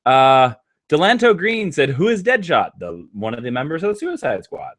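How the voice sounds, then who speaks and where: Animated man hosting a live stream. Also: mid-range voice, normal speed. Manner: enthusiastic, animated. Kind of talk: casual chat.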